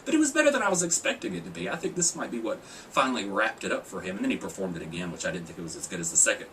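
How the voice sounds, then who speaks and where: Joking, animated male vlogger. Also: lowish voice, distant mic, a little hiss or hum, rough recording. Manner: joking, sarcastic, laughs often. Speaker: video blogger reviewing a TV singing contest. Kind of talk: casual chat.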